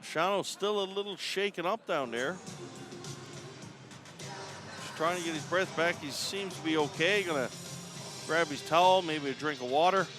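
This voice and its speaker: A man's voice: a little high, moderate pace, long pauses, over music. A man from Newfoundland with a Newfoundland accent, calling live play-by-play from the top of an indoor arena in a chatty, folksy way. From Newfoundland, Canada. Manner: chatty and folksy, chuckles between calls. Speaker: play-by-play commentator. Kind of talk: live sports play-by-play commentary.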